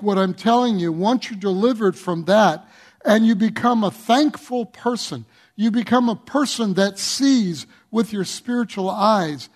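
A man preaching a sermon as pastor, earnest and pleading, with emphatic swells and scripture read aloud. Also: high voice. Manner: reads scripture aloud slowly.

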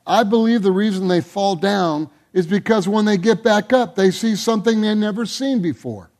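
A man pastor preaching a sermon to his church, building emphasis on repeated words and dropping low and soft at the ends of phrases. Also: moderate pace.

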